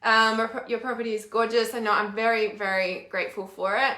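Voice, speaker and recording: A woman's voice: on the high side, flat delivery, a little fast, bright, forceful tone, roomy sound. A woman hosting a casual live stream, reading out viewer comments and talking bluntly with frequent swearing. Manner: blunt, swears freely, rants with emphatic repetition. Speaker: intuitive healer and mentor hosting a live stream.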